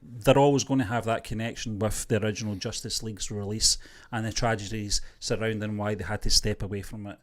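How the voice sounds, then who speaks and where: A man's voice: fairly low pitch, fairly even intonation, a little fast, few pauses, a bit bright. A man co-hosting a movie news show, chatting casually and reading news aloud with lots of fillers. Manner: chatty, rambling, with frequent fillers. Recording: online show livestream.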